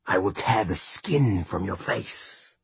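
A man's voice: low-pitched, expressive, takes it slowly, creaky, breathy edge, dry recording, exaggerated voice. A man voicing a small, bloodthirsty blue demon that hisses threats and sulks, in an audiobook reading. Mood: menacing. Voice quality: hissing, petulant.

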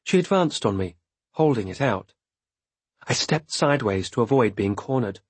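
A man narrating a story in a measured, expressive reading voice. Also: mid-range voice, slightly rough, no echo. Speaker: audiobook narrator. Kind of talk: scripted narration.

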